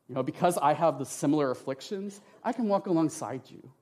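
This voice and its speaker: A middle-aged man, passionate and expressive, giving an emotional church testimony with slides and often checking in with "right?". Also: a little high, fast talker, few pauses. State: tearful at times.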